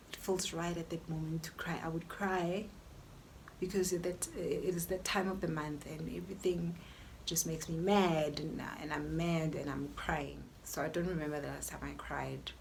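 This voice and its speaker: Chatty South African woman, lowish voice. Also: steady tone, normal speed, vocal fry, a little hiss or hum. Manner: chatty and opinionated, mixing in local languages. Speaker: YouTuber. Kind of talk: casual Q&A vlog.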